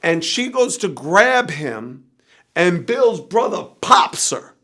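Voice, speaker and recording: A man as an interview guest, telling a wild, profane anecdote with animated energy that drops at times to a low, tired murmur. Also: slow pace. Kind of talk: storytelling in an interview.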